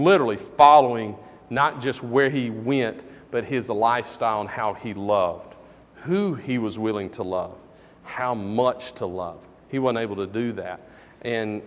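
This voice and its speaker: A middle-aged man preaching a sermon in a church, telling a personal story with animated energy and loud bursts in the quoted moments. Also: fairly low pitch, long reverb tail. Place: church sanctuary.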